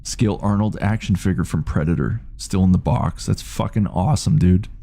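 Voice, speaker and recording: A man in his late thirties talking casually on a game stream, reading viewer messages aloud and rambling between them. His voice is low and gravelly, with a dark, mellow tone. He swears freely. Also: moderate pace. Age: 30s. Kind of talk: casual live-stream chat.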